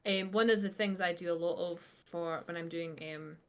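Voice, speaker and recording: A Scottish woman with a low voice co-hosts a casual podcast chat. She is blunt and dry, with a tone of worn-out exasperation. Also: steady tone, normal speed. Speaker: podcast co-host.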